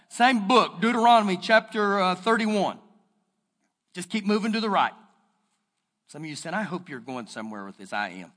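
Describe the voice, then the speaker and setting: Texan male pastor, high bright voice, emphatic sermon in a church with a long hall echo. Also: very animated, moderate pace. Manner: emphatic, conversational preaching with bursts of shouting. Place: church sanctuary.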